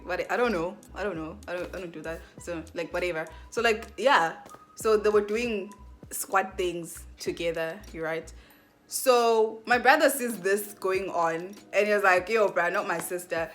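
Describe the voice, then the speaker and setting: Bright-voiced young woman telling a story. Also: medium pitch. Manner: chatty, animated, lots of fillers and quoted asides. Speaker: vlogger. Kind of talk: casual storytime.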